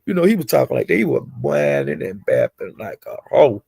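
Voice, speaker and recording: A man giving a casual, rambling gossip recap of livestreams, with animated retelling and frequent asides. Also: fairly high pitch, fairly quick, vocal fry, hardly any pauses, slightly rough, no room sound.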